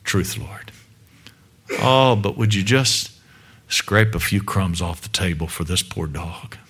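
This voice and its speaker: A man voicing a humble foreign woman who pleads for mercy in a soft, low, begging voice. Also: lively intonation, unhurried, husky, exaggerated voice. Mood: pleading.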